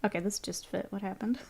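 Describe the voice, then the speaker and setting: Chatty woman streamer, soft murmurs. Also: mid-range voice, expressive, moderate pace, vocal fry. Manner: chatty, often murmuring softly while working, laughs easily. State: stuffy nose. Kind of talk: casual live-stream chat.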